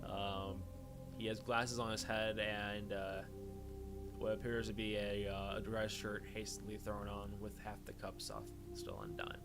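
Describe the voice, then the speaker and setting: A man narrating a tabletop game as game master, talking casually and rambling through his descriptions. His voice sits in a middle pitch. Music plays clearly underneath. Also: unhurried. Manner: casual, rambling with fillers, swears.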